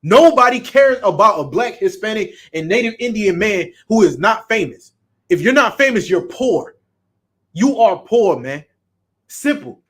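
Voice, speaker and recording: A man's voice: sits high, very animated, unhurried, a bit bright. A man with a Southern US accent preaching bluntly and emphatically, with frequent profanity. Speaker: street preacher. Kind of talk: preaching talk.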